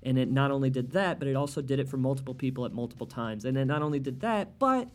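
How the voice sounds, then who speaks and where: A man's voice: medium pitch, animated, fast talker. A man hosting a solo comedy podcast, ranting with heavy profanity and doing mocking impressions. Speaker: podcast host.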